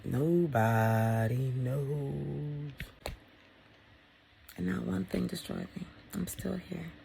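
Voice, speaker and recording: A woman vlogger talking in a casual motivational monologue, blunt and profane, swinging between loud emphasis and hushed whispers. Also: on the low side, completely flat delivery, moderate pace, vocal fry, a little hiss or hum.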